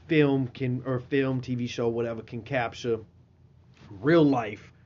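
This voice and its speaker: A man's voice: mid-range voice, steady tone, a little slow, darkish tone. A man hosting a casual podcast chat, laid-back, swearing often and checking in with "you know what I'm saying?". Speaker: podcast host. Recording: dull lo-fi sound with faint noise.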